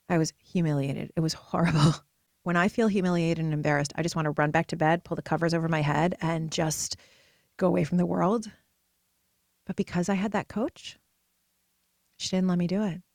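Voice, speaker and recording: A woman hosting a motivational podcast, telling her own story with emphatic, personal delivery that swings between soft and loud. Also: on the low side, no room sound, clean studio sound. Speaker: podcast host and purpose coach. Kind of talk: motivational solo podcast talk.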